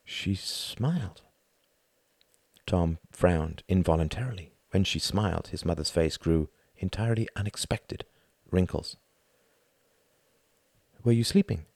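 A man narrating a novel as an audiobook in a measured, expressive reading. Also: deep voice, vocal fry, no echo.

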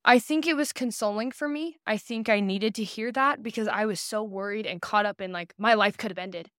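An earnest young woman in her twenties tells her own story as a podcast guest, slipping into the voices of the people she quotes. Her voice sits at an everyday middle pitch. The room is dry and close. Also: brisk, fairly bright tone, smooth, no room sound. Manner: earnest, acts out quoted dialogue. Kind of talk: personal storytelling in an interview.

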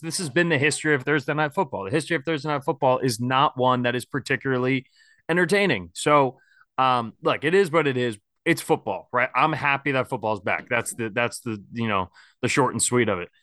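Bright, crisp-voiced male podcast host. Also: mid-range voice, brisk, no echo, clean studio sound. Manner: rambling, candid, frequent fillers. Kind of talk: casual sports podcast chat.

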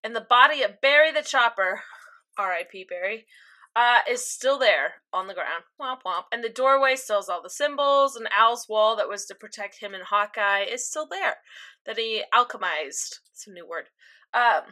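A young woman co-hosting a casual podcast, chatting in a giggly way with quick asides while recapping an episode. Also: on the high side, expressive, bright, forceful tone. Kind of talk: casual chat.

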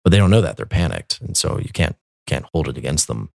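A man's voice: a bass voice, big pitch swings, fast, gravelly, a little mellow, dry recording, studio quality. A man, a Catholic military chaplain, telling his story in a loose, rambling way with many fillers and restarts. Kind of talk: conversational storytelling.

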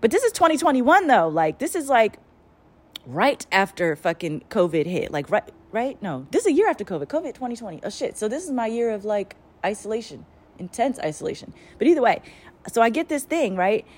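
A woman's voice: a little high, fairly quick. Profane, rambling woman channeler. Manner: profane, rambling, animated storytelling. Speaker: spiritual channeler. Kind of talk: casual spiritual monologue.

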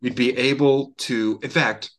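A man's voice: mid-range voice, fairly even intonation, fairly bright tone. A man co-hosting a podcast from home over an online call, chatting eagerly and often restarting his sentences. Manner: eager, halting, full of restarts. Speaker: podcast co-host. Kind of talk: casual chat.

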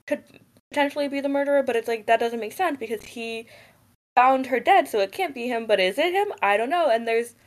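A woman's voice: fairly high pitch, brisk. A young woman co-hosting a podcast in casual chat, rambling with many fillers and giggles. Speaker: podcast co-host.

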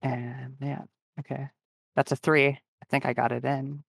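A man's voice: medium pitch, little pitch movement, a little slow, gravelly, a bit bright, slightly rough, no echo. A man playing a tabletop game, describing his character's moves in a rambling, offhand way. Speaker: player. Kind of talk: casual chat, tabletop game.

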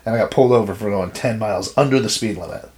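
A man's voice: on the low side, fast. A man casually chatting on a podcast, telling loose, profane stories with lots of energy. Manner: profane, animated storyteller. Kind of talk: casual chat.

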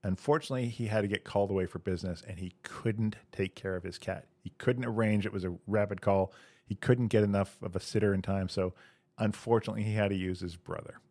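A man with a low, gravelly voice co-hosts a comedy podcast. He spins long setup jokes at an easy pace and slips in quick puns, with fry scraping along the ends of his phrases. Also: steady tone, warm tone, dry recording. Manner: joke-teller with punny quips. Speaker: podcast co-host. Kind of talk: casual comedic joke-telling.

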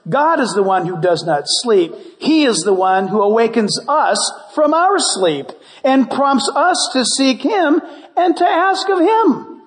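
A pastor preaching a sermon, playful and animated, acting out prayers and little dialogues. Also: male voice, extremely high pitch, unhurried. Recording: long hall reverb.

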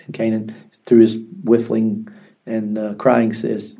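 An older male pastor tells stories with an earnest, reflective manner, often circling back to restart a thought. His voice is warm and mellow, sitting at an ordinary middle pitch for a man. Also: flat delivery, normal speed, vocal fry, husky. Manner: earnest storytelling with frequent restarts. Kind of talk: podcast interview.

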